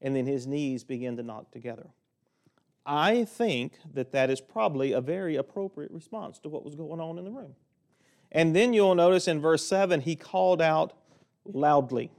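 A male preacher with a drawl, his voice sitting a little high for a man. He preaches in a folksy, joking way, jumping between loud bursts and quiet asides. He speaks from a lectern in a church sanctuary. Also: animated, normal speed. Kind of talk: sermon.

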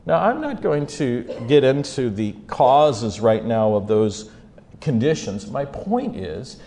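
Brief: male preacher with a gravel-edged voice who tells scripture stories with dramatic volume swings. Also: very animated, slow. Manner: storytelling, swings from low asides to loud emphatic peaks. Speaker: speaker teaching on faith and mental health. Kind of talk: animated Bible-story sermon.

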